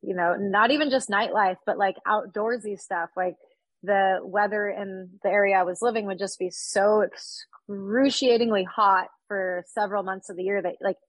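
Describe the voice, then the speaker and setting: A woman's voice: medium pitch, steady tone, normal speed, no echo, low-quality recording. A woman in her thirties from California, chatting upbeat and casually as a podcast guest, with lots of fillers. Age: 30s.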